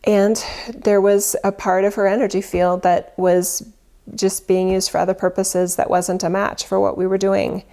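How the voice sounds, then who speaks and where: A woman's voice: mid-range voice, fairly even intonation, measured pace, creaky, dark tone. A woman who leads spiritual retreats, talking casually and earnestly, rambling and correcting herself as she goes. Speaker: spiritual teacher and retreat leader.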